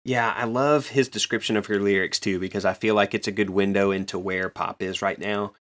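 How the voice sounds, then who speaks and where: A man's voice: fairly low pitch, steady tone, a little fast, fairly bright tone. A man chatting casually on a podcast, retelling manga scenes with enthusiasm and rambling asides. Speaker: podcast co-host. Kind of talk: casual chat recapping a manga.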